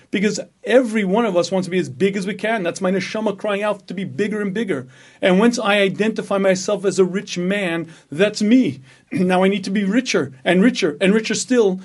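A rabbi giving a Torah lecture, emphatic and full of rhetorical questions. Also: male voice, sits high.

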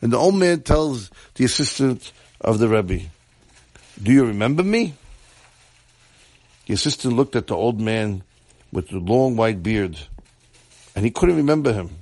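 Guy telling a story, slow and deliberate, kind of gravelly, dry sound. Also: fairly low pitch, lively intonation, darkish tone, no echo.

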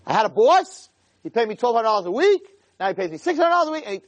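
A man's voice: extremely high pitch, very animated, quick pace, voice pushed up. A man voicing a young prince turned peasant, earnestly laying out his complaints in a sermon parable. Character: young exiled prince, now a hopeful peasant.

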